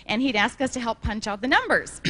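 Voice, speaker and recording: A woman with a somewhat high voice gives a motivational talk at a sales conference. She tells folksy anecdotes in a chatty way and clears her throat now and then. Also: animated, moderate pace, fairly bright tone. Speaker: sales manager presenting at a conference. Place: conference hall.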